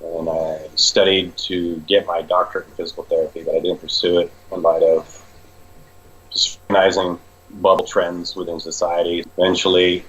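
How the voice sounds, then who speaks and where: A man with a very low voice chats about his real estate work in a casual interview. He jokes and tells stories like a salesman, and the recording sounds slightly dull and lo-fi. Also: level tone, moderate pace, fairly bright tone.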